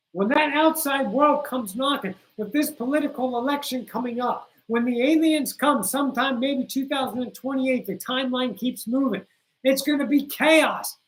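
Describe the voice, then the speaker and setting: A woman with a somewhat high voice gives a spiritual talk on a livestream. She speaks straight to her viewers, blunt and a little profane, hammering her points home by repeating them. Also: low-quality recording. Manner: addresses viewers directly with insistent repetition.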